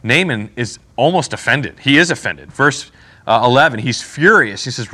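A man's voice: medium pitch, moderate pace, sharp tone. A man teaching a casual Bible class, asking the group questions and retelling scripture in slang.

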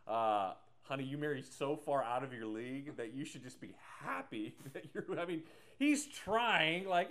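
A man's voice: high voice, animated, moderate pace, fairly bright tone. A man preaching a casual, joking sermon, explaining scripture with laughs and asides. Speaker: pastor.

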